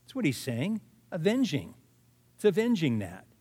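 A man's voice: fairly high pitch, huge pitch swings, moderate pace, darkish tone, husky, big-room sound. A man preaching a sermon as pastor, earnest, repeating key words for emphasis. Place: church sanctuary.

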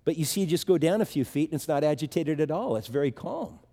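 A man's voice: a little high, expressive, fast talker, dark tone, big-room sound. A man preaching a sermon in a conversational, emphatic way, often restarting his phrases.

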